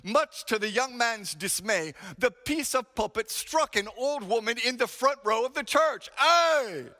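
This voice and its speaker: A man's voice: very high voice, expressive, measured pace, pushed and bright, big-room sound. A male pastor preaching a sermon, dramatic and emphatic, telling stories to make his point.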